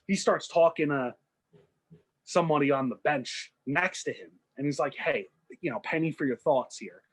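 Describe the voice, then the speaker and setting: Rambling young man with a husky voice. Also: on the high side, expressive. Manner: rambling, acts out characters in quick asides. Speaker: podcast co-host. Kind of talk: casual storytelling chat.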